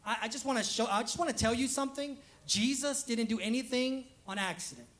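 High-voiced male pastor preaching conversationally. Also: brisk, fairly bright tone. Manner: conversational preaching that acts out short quoted voices; repeats words for emphasis. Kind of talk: sermon. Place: church service streamed live.

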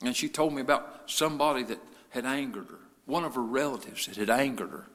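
A male pastor preaching a sermon, moving between quiet storytelling and loud, fervent preaching. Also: mid-range voice, fairly quick, big-room sound.

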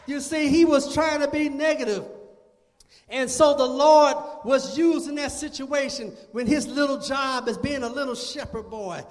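A male preacher delivering a fervent sermon and often bursting into shouts. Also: very high-pitched, measured pace. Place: church sanctuary. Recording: long church-hall reverb.

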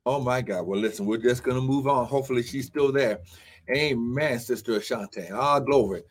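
A man preaching a fervent live-streamed sermon, calling out to listeners and shouting praise. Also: mid-range voice, moderate pace. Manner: fervent, punctuated with "glory" and "come on now".

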